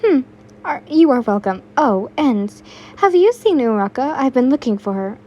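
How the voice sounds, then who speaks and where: A woman voicing a kind young queen, soft and caring yet firm, in a read-aloud fan fiction. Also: sits high, big pitch swings, normal speed, muffled recording.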